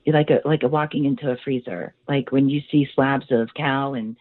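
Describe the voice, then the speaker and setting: A woman's voice: rumbling low, normal speed, no echo. Woman on a tinny phone line. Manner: rambling and animated, with many fillers. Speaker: owner of a haunted house, interview guest. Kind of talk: casual storytelling.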